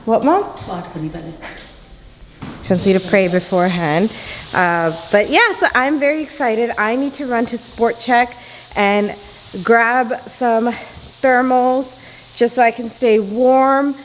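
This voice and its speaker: A woman's voice: on the high side, slow, long pauses, a little hiss or hum. Bubbly young woman vlogging at home. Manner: bubbly, giggly, chatty. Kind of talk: casual vlog chat. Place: family home, indoors.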